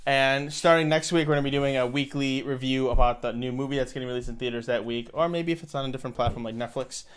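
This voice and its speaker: A man's voice: mid-range voice, steady tone, quick pace, smooth. A young man from Buffalo, New York, co-hosting a casual movie chat with dry, teasing jokes. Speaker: co-host.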